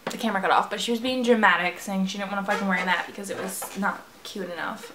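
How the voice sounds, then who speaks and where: A woman's voice: mid-range voice, fairly even intonation, fast, hardly any pauses, a bit bright, echoey room, a little hiss or hum. A young woman chatting casually while she plays a phone game, self-mocking and swearing freely. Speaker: vlogger playing a phone game. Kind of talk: casual gameplay chat.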